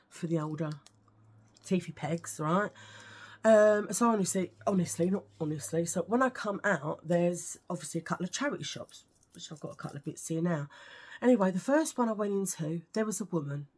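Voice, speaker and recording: A British woman vlogging, telling stories to camera in a chatty, ranting way with lots of asides. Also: mid-range voice. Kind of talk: casual storytelling to camera.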